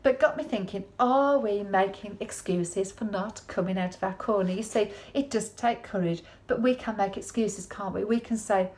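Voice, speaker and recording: A woman's voice: medium pitch, moderate pace, few pauses, a little mellow. A woman giving a conversational sermon in a chatty, folksy way, often turning to the listener with tag questions. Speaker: preacher.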